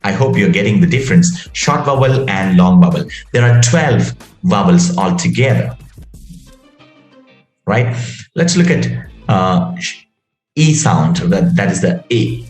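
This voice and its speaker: Slow, low-voiced man teaching pronunciation. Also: expressive, darkish tone, echoey room, soft background music. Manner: drawn-out, exaggerated demonstration of vowel sounds. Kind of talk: spoken English lesson.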